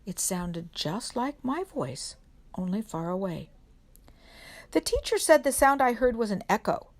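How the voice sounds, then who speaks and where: A woman reading a children's picture book aloud at a church service for kids, gentle and unhurried, pausing to put questions to the children. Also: medium pitch, big pitch swings. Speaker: reader at a children's worship service.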